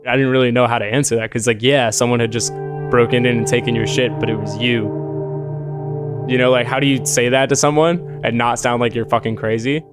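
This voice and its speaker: A man's voice: medium pitch, steady tone, brisk. A man casually telling a personal story, rambling and shaken, with lots of filler words and swearing. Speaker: storyteller recounting a personal encounter. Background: eerie music bed.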